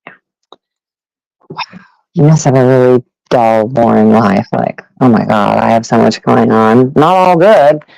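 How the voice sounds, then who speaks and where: A man's voice: medium pitch, unhurried, creaky, long pauses, a little mellow, dry recording, poor audio. A man hosting a live audio panel, ranting in a rambling, profane, sarcastic way at listeners. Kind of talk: ranting casual monologue.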